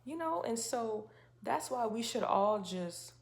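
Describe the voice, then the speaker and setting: In a faith-based talk video, a woman speaks casually to camera, her voice a little high, expressive and slow. She's chatty and emphatic, restarting often and asking lots of rhetorical questions.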